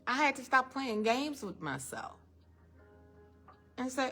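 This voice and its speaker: A woman's voice: high voice, big pitch swings, takes it slowly, long pauses, bright, forceful tone, faint music behind. A woman giving an emphatic, faith-based motivational talk to a live audience, firing off rhetorical questions and calling listeners "honey". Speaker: speaker addressing a live and online audience. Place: event room with an audience.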